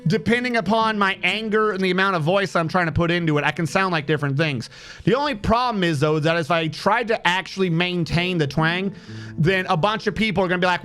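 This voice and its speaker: High-pitched young guy, texan twang mixed with new england, rambling stream chat, cussing a bit, quiet music behind. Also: fairly quick, smooth. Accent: mix of Texan and New England. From Texas, born in Massachusetts. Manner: rambling, swears casually, answers chat. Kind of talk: casual chat while streaming a game.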